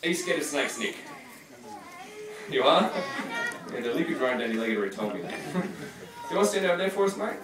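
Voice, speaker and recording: A man's voice: fairly high pitch, sing-song, fast talker, long pauses. A man presenting a live reptile show, teasing his audience and volunteer in a chatty, joking way. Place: large room with audience. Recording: echoey, distant, crowd noise.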